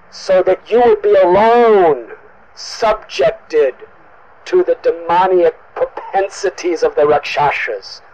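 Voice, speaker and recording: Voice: high-pitched, a bit bright, heavily acted, low-quality recording. A storyteller voicing a loyal younger brother who speaks firmly and reassuringly. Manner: firm, reassuring, dutiful.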